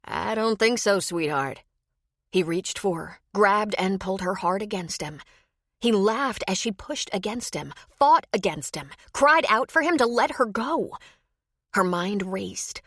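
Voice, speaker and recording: A woman narrating a romance audiobook in measured scripted storytelling. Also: medium pitch, animated, a bit bright, breathy edge, dry recording, clean studio sound.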